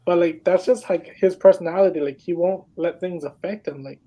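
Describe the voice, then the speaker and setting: A young man co-hosts a podcast, piling up stories in loose casual chat with endless "like"s. His voice sits fairly high but stays mellow and soft-edged. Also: brisk, low-quality recording. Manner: rambling storytelling, many "like"s. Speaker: podcast co-host.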